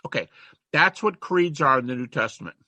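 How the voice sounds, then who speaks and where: Husky, bright-voiced older male lecturer. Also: medium pitch, expressive, brisk, dry recording. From United States. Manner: conversational, chatty, emphatic. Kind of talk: informal lecture.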